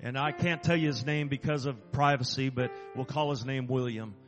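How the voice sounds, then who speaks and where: A man who is an assistant chaplain, telling a personal story in an earnest, halting and emphatic way. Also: mid-range voice, steady tone, long reverb tail, over music.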